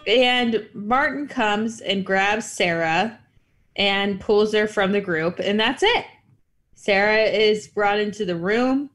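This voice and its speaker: A woman co-hosts a recap podcast with casual chat. She phrases things with wry, mock-formal care. Her voice sits at an ordinary middle pitch. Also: slow, fairly bright tone, a little hiss or hum. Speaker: podcast co-host.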